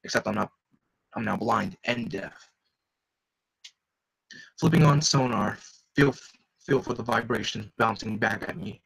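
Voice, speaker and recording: A man voicing a grim, focused adult male caped vigilante, reading a comic aloud in a low, measured inner monologue. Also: gravelly, fairly bright tone, husky, heavily acted, low-quality recording. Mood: tactical.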